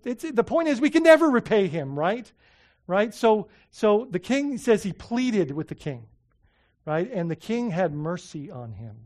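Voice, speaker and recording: A man preaching a sermon as pastor, animated, often repeating himself and asking his listeners rhetorical questions, moving between loud emphasis and soft heartfelt asides. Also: sits high, a little slow.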